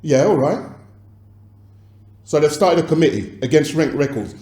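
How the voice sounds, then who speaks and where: An actor playing an agitated record label boss, arguing on the phone and swearing. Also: male voice, on the high side, expressive, moderate pace, dark tone, echoey room, lightly acted. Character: angry male London record boss on phone. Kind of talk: dramatized film phone calls.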